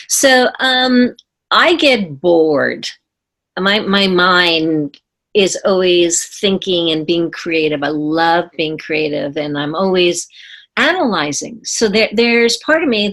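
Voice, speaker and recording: An older woman in her seventies shares her life story in an interview. Her voice sits a little low, and she talks in an earnest, reflective way. She takes her time and often stops to restart a thought. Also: a bit bright. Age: 70s. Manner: earnest, unhurried, with pauses and restarts. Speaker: guest, former ballerina.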